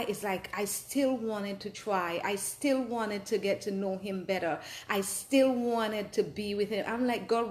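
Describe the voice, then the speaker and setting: A woman's voice: medium pitch, roomy sound. Earnest woman telling her own story. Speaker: host. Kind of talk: personal advice talk.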